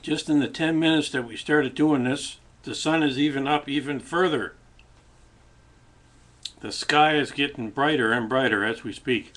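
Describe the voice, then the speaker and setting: Here the man's voice sits in the mid-range at a normal speed, with a fairly bright tone. He's eating during his webcam show, musing aloud in a loose, rambling monologue full of restarts, recorded on a webcam microphone.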